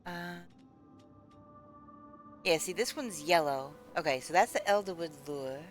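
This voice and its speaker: Woman streamer from the US, lower voice, rambling casual chat over faint game music. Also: animated, a little slow. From United States. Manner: rambling, chatty, answers chat aloud. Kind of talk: casual chat while gaming.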